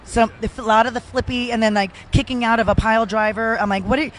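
A woman's voice: fairly high pitch, steady tone, fast talker, a little hiss or hum. An older woman chatting as a podcast guest, emotional and self-deprecating, with frequent restarts. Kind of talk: casual chat.

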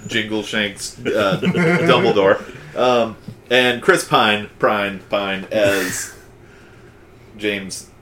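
A man's voice: on the low side, drawn-out words, fairly bright tone, a little hiss or hum. A man co-hosting a casual podcast chat, reading out draft picks and stumbling over names. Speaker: podcast co-host.

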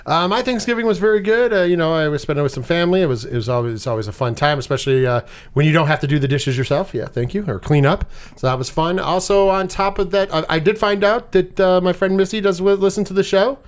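A man's voice: sits high, fast talker, clean tone. A man hosting a movie review podcast, switching between hyped announcer-style introductions and rambling casual chat. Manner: rambling with fillers and laughs. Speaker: podcast host.

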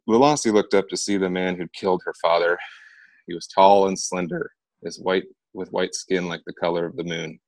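Deep-voiced man narrating a dark fantasy. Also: creaky, dry recording. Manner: earnest, dramatic reading. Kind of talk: audiobook-style narration of a fantasy novel.

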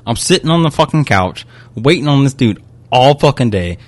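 A man's voice: medium pitch, normal speed, no echo. Heated, cursing young man. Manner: profane, heated, animated retelling. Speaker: podcast co-host. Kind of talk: casual chat, storytelling a complaint.

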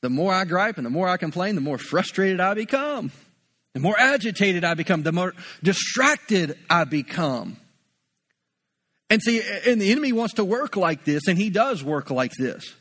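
High-voiced male pastor, conversational sermon. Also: big pitch swings, normal speed, fairly bright tone. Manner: conversational, repeats words while building a point.

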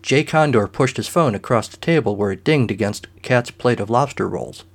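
A man's voice: mid-range voice, expressive, moderate pace. Dry, matter-of-fact male storyteller. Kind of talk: scripted narration of a comic short story.

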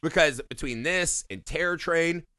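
A man co-hosting a casual film podcast, animated and joking, swearing freely. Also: fairly high pitch, normal speed, no room sound, clean studio sound. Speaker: podcast co-host.

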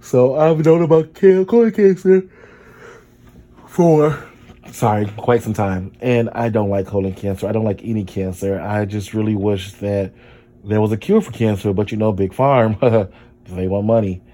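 A young podcast host talks through his feelings on a casual solo show, chatty and rambling with lots of fillers. His fairly low voice is steady and dark in tone, at normal speed.

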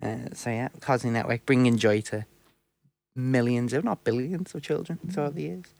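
A man's voice: medium pitch, normal speed, vocal fry, a little mellow, no echo. Chatty young man, dry close sound. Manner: chatty, laughs along, repeats words when starting. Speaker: podcast co-host. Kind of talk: casual chat.

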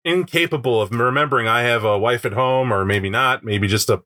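A man co-hosting a casual chat about a game book, animated and given to acting out quotes in put-on voices. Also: mid-range voice, brisk. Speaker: podcast co-host discussing a tabletop game book.

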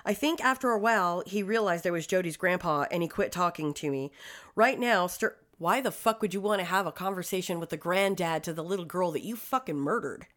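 A woman's voice: on the low side, a little fast, a bit bright. A woman co-hosting a true-crime podcast, reading case details and then riffing with blunt, swearing asides. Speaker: podcast co-host.

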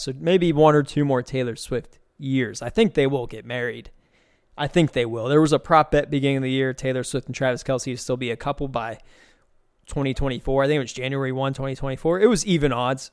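A man's voice: medium pitch, smooth, no room sound, clean studio sound. A man hosting a casual solo podcast, rambling through loose, profane, amused stories and opinions. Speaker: podcast host.

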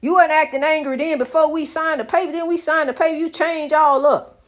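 High-voiced woman preaching with rising fervor. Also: fairly even intonation, a little fast. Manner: rhythmic, repeats phrases, calls listener honey; rises into loud exhortation. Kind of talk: preaching testimony.

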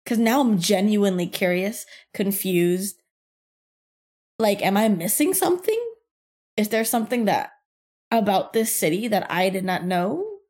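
A young woman podcast host telling a workplace story in casual chat, animated and profane, with lots of fillers and frequent laughter. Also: medium pitch, measured pace. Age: young adult.

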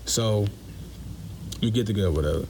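Casting note: young male caller, lowish voice, slangy and blunt, faint noise behind. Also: moderate pace, gravelly, warm tone. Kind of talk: telling a personal story.

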